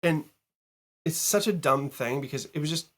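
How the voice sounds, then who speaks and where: A man as a podcast guest, a music producer telling a story in casual interview chat, animated and full of fillers and the odd curse. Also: fairly high pitch, normal speed. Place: home recording studio.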